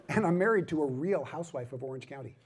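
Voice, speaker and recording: A man's voice: a little high, expressive, moderate pace, a crowd in the background. A middle-aged man speaking at a ministry conference, with a self-deprecating, joking manner and emphatic repetition. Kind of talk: humorous conference talk.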